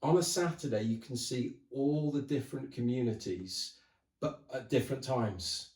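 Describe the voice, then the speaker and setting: A man's voice: medium pitch, normal speed, darkish tone. A man, a guest pastor chatting casually and jokingly on a podcast. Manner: chatty, jokey, laughing as he talks. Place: church cellar. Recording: roomy, distant mic.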